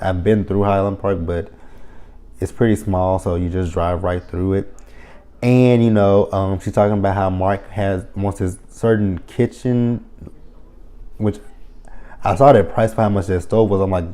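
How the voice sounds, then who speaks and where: A man's voice: on the low side, fairly even intonation, moderate pace, mellow, clear, resonant tone. A man giving a casual, opinionated TV review, blunt and heavily profane, with lots of fillers like "you know" and "um". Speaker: reality TV reviewer. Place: lives near the area the show covers.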